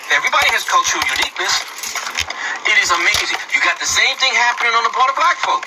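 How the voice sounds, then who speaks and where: A man with a high, swooping voice speaks with fiery emphasis and a preacher-like rhythm. He sounds set back from the microphone. Heavy broadcast hiss runs under him. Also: sing-song, fast, far from the mic. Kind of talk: impassioned radio talk.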